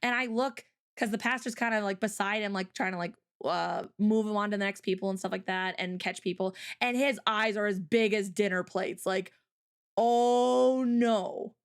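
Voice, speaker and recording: A woman's voice: mid-range voice, steady tone, fairly quick, few pauses, fairly bright tone. A woman hosting a livestream and telling a story, with lots of "like" and "um" fillers, often speeding up. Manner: chatty, full of "like" and "um" fillers, often speeds up and acts out her own past words. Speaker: streamer and host.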